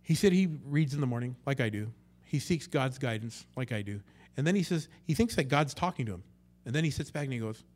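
Male pastor, conversational sermon, mid-pitched voice, dynamic loud-soft delivery, acts out quotes. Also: lively intonation, a little fast. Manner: conversational, swings between loud and hushed.

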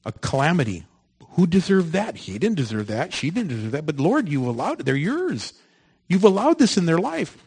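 Husky-voiced preacher giving a sermon. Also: male voice, fairly high pitch, very animated, normal speed, rough recording. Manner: swings from loud emphatic lines to soft hushed ones.

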